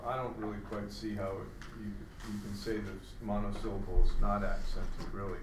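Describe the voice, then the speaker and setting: A man's voice: on the low side, little pitch movement, normal speed, crowd noise. Skeptical man heard from across an echoey room. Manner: questioning, skeptical. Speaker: workshop participant. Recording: distant voice in echoey room with noise.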